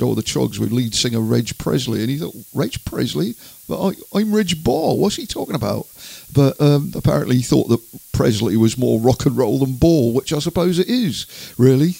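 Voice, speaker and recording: Older english guy on the radio, gravelly, rambly chuckling stories, dry mic. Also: medium pitch, mellow, no echo. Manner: rambling anecdotal storytelling with chuckles. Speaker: radio presenter. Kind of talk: casual radio chat between records.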